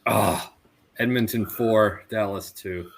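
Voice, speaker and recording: A man in his thirties co-hosting a podcast, telling stories in an animated way with lots of fillers and laughs. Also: fairly low pitch. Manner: animated storyteller, quick to laugh, many "like" fillers. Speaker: podcast co-host. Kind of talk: casual chat.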